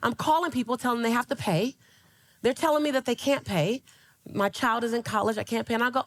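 A woman's voice: a little high, quick pace. A woman in her forties giving a motivational keynote speech, telling stories with laughter and call-and-response asides to the audience. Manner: laughs through her lines. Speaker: motivational speaker.

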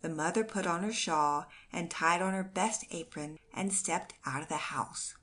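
A woman reading a classic storybook aloud in gentle, steady scripted narration. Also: on the low side, moderate pace. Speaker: audiobook narrator.

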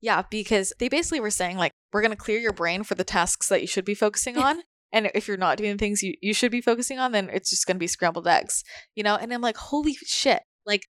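A woman's voice: mid-range voice, fast, fairly bright tone, no room sound, clean studio sound. A woman talking candidly in a casual podcast chat, swearing now and then and acting out her own inner voices. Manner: candid, swears, acts out quotes.

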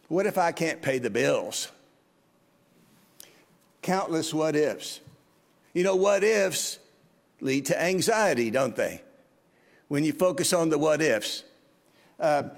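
Man in his 50s preaching, high voice, long church echo, earnest and chatty. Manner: earnest, conversational, asks the congregation questions. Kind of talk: sermon. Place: church sanctuary.

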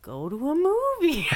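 A woman co-hosting a podcast in casual chat, animated and mocking, acting out lines with laughter. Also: very high-pitched. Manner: animated, mocking, acts out quotes. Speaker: podcast co-host.

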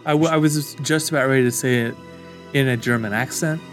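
A man's voice: medium pitch, fairly quick, faint music behind. A young man co-hosting a podcast in casual chat, dry and self-deprecating with blunt opinions. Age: young adult. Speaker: podcast co-host.

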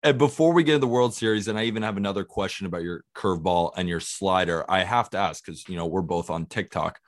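A man hosting a podcast, relaxed in casual chat, asking questions and laughing along. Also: low voice, fast. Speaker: podcast host.

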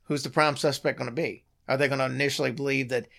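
A hoarse man hosting a casual podcast, telling stories in an animated way and often restarting his sentences. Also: medium pitch, fast talker. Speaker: podcast host.

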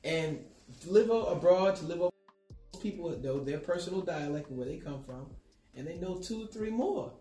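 A man's voice: a little high, lively intonation, moderate pace, mellow, echoey room, far from the mic, faint music behind. American man talking from off mic. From United States. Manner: encouraging, chimes in with short backchannels. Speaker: host. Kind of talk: casual interview chat.

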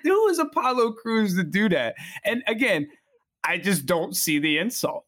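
A man co-hosts a casual podcast, and his pitch swings widely as he gets worked up. He often stammers and restarts his sentences. He sounds close and dry. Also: normal speed, no echo. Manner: animated and indignant, with stammered restarts. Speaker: podcast co-host.

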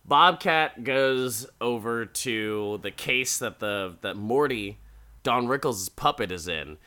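Man, casual recap, chatty, crude jokes, frequent laughs, bright sharp tone. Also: on the low side, lively intonation, slow. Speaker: podcast host recapping an episode.

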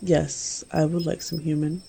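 A woman voicing a cold, predatory male demon lord who speaks in a calm, measured, commanding way. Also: sits low, creaky, a little hiss or hum.

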